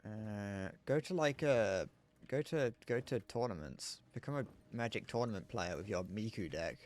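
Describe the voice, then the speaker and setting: A man's voice: fairly low pitch, lively intonation, moderate pace, a little mellow, soft background music. A man livestreaming a game, rambling casually and muttering to himself between remarks. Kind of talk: casual chat while gaming.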